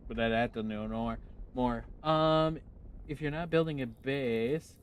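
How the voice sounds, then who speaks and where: Chatty northern US streamer, noisy background. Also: male voice, mid-range voice, measured pace, highs cut off. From United States. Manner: chatty, answers chat questions with easy laughs. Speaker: game streamer. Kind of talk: casual live-stream chat.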